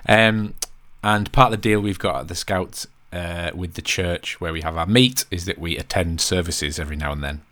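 Deep-voiced Englishman, laid-back and sweary. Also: moderate pace, few pauses, a bit bright. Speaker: podcast co-host. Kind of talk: casual podcast chat.

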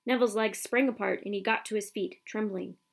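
Female audiobook narrator, steady storytelling, mid pitch. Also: fairly quick, creaky. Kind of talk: scripted narration.

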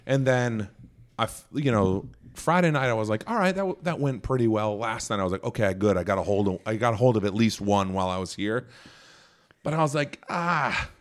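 A man in casual conversation, a stand-up comic with a low-ish voice. He is an animated storyteller who slips into quoted voices to carry his jokes. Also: fairly quick. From Worcester area. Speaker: comedian. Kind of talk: casual chat.

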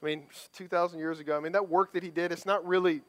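A man's voice: high-pitched, fairly even intonation, quick pace. A male pastor preaching a sermon in a casual, conversational way, often checking in with the congregation and restarting his phrases. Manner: conversational, tag questions, repeated restarts.

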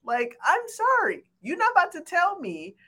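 Animated, outspoken woman co-host. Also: extremely high pitch, normal speed. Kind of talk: casual chat.

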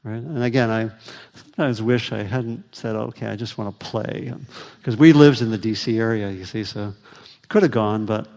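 A man's voice: on the low side, darkish tone. Reflective man teaching in a reverberant hall. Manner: thoughtful, halting, many fillers. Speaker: Buddhist teacher. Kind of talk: dharma talk Q&A.

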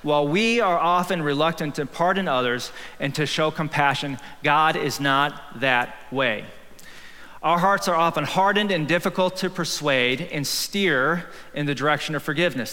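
Male pastor preaching live, chatty and jokey, with a tense, bright tone in an echoing sanctuary. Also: fairly high pitch, normal speed. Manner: humorous, conversational preaching with bursts of shouting. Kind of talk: sermon. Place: church sanctuary. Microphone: handheld or headset microphone. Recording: live hall reverb.

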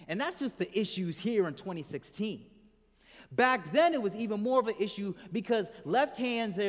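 A man preaching a sermon to a congregation, chatting and asking them questions, letting his voice drop soft and low at the ends of phrases. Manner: conversational, asks the congregation questions. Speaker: pastor. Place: church hall with congregation. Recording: hall reverb from the room.

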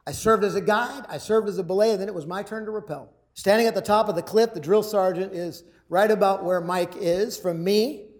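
A man giving a motivational talk to a live audience. He tells a personal story with energy, acts out shouted lines and often repeats his words. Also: sits high, brisk, hardly any pauses. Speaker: public speaker.

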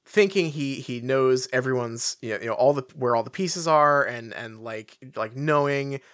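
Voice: medium pitch, moderate pace, fairly bright tone, dry recording, clean studio sound. Rambling, profane podcast co-host. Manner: rambling, frequent fillers, profane. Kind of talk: casual chat.

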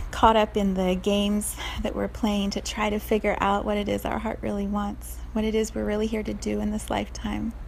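A woman speaking as a spiritual coach, reflecting softly after reading a story and slipping into whispers at times. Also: medium pitch, creaky, slight background noise. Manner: soft, gentle, slips into whispers.

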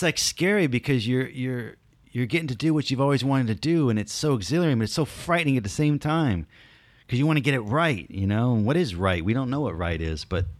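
A middle-aged man recounting his acting work in a loose, animated way, cursing freely and jumping into other people's voices. His voice sits at an ordinary pitch. The sound is close and dry, with no room around it. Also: no room sound. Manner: animated, acts out quotes in other voices, swears. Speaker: actor telling stories. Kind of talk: casual interview chat.

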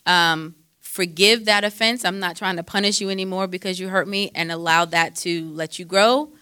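A woman with a bright, forceful voice and a somewhat low pitch talks through faith-based advice as a counselor. She is conversational, quotes scripture and leans on fillers. The sound is dry and close. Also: steady tone, normal speed, clean tone, dry recording.

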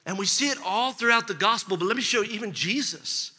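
High-voiced preacher guy, super bright punchy tone, church hall echo, acts out the lines as he tells it. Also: fast talker. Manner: animated storytelling, acts out dialogue. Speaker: pastor. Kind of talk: sermon. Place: church sanctuary. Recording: long hall reverb.

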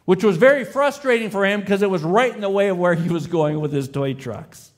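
Delivering a sermon in a high, fairly quick voice, this man acts out the boy and his father in an illustrative story. Afterward he lowers his voice to lead a quiet closing prayer.

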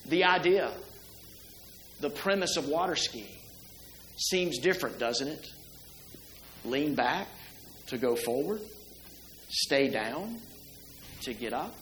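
A middle-aged male pastor with a slightly high voice preaches in an easy, conversational way, often putting rhetorical questions to the congregation. His voice rings around a roomy church sanctuary. A faint hum sits under the recording. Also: lively intonation, takes it slowly, pauses often, fairly bright tone. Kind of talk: sermon.

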